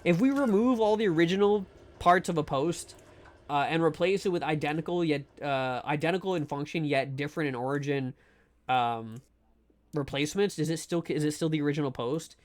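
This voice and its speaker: Brisk and fairly high-pitched, this man's voice carries casual commentary over a live game stream. He jokes and rambles to his audience and frequently stumbles over words.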